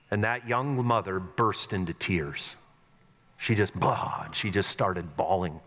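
A middle-aged pastor preaches a sermon in a church sanctuary, telling stories earnestly and poking fun at himself. His low, fairly bright voice moves a little slowly, and the recording carries a long hall reverb.

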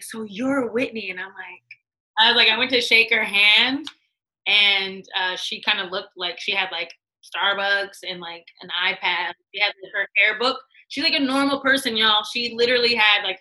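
Bright-voiced woman telling stories. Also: medium pitch, low-quality recording. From United States. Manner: animated, acts out quoted voices, laughs often. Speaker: guest, music executive. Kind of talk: casual interview storytelling.

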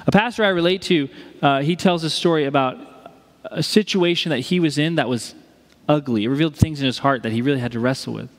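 A man's voice: a little high, quick pace, big-room sound. A male pastor delivering a conversational sermon, telling a story and acting out the voices of the people in it.

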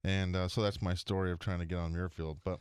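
Lowish male golf storyteller on radio. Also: quick pace, clean tone, dry recording, clean studio sound. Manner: animated storyteller doing character voices. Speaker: golf radio show regular, tour pro. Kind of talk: casual storytelling chat. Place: radio studio.

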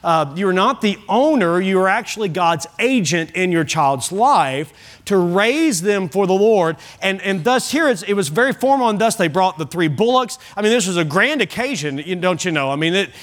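Middle-aged pastor guy preaching in church, fairly high voice, folksy, keeps restarting his words. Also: expressive, normal speed. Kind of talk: evening sermon. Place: church sanctuary.

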